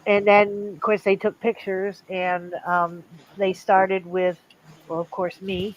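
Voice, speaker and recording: An older woman hosting a livestream, telling a family story in a casual, animated way and acting out the voices of the people in it. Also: mid-range voice, takes it slowly, dull audio, a little hiss or hum. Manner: animated, acts out quoted voices. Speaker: livestream host.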